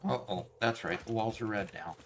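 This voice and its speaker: A man streaming a factory-building game, thinking aloud in a halting, self-correcting way while fighting off hiccups. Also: on the low side, heavy background noise. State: has hiccups. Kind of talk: casual gameplay chat.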